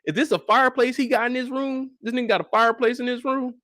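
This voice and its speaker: A young man giving a casual live recap of a TV episode, talking in animated, slangy, profane banter. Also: very high voice, fast talker, no echo, studio quality. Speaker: show recap host.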